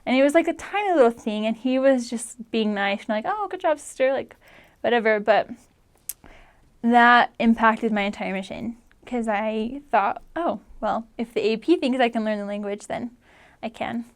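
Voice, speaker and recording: A woman's voice: on the high side, normal speed. Chatty young woman, "like" everywhere. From United States. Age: 20s. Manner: chatty, leans heavily on "like", emotional at times. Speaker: returned missionary. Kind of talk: casual personal storytelling.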